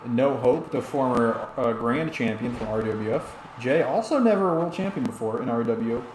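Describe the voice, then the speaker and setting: A tipsy male streamer rambles through play-by-play of a wrestling game while reading chat aloud and answering comments. His mid-range voice is animated and a little mellow, at a moderate pace. The room echoes, with a faint hiss behind him.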